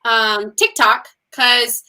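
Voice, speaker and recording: A female musician chats casually as an interview guest, laughing often and using lots of ums and likes. She speaks extremely slowly in a fairly high, fairly even voice that sounds pushed and bright, with a clean tone.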